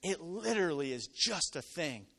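A man preaching a sermon to a live congregation, telling stories and acting out voices, swinging from loud to quiet. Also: fairly high pitch, sing-song, moderate pace. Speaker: pastor. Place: church with live audience.

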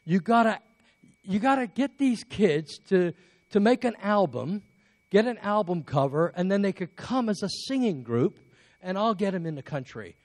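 A man's voice: sits high, lively intonation, moderate pace, darkish tone, pitched above the performer's own voice. A man voicing a cheerful British man who fixes tours for a music star, speaking with a British English accent in a breezy, chummy way.

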